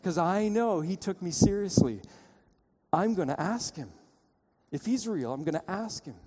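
A man preaching a sermon, telling a story and pleading with his listeners, his voice swinging between loud and hushed. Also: on the high side. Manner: storytelling, urgent pleading, dramatic shifts in loudness. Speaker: pastor. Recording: long reverb of a church hall.

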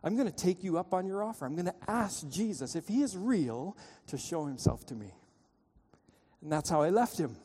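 A man preaching a sermon in a church, with a fairly high but mellow voice. He tells a story and pleads with his listeners, moving between loud passages and quiet ones. A long reverb trails after his words in the sanctuary. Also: big pitch swings, normal speed, breathy edge. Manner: storytelling, urgent pleading, dramatic shifts in loudness. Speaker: pastor.

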